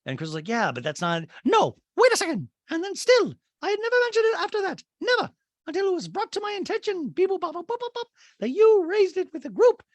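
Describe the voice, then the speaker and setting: A man voicing a shrill, indignant reality-TV woman in a mocking falsetto impression. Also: huge pitch swings, quick pace, no room sound, dull audio, exaggerated voice. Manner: exaggerated high falsetto mimicry.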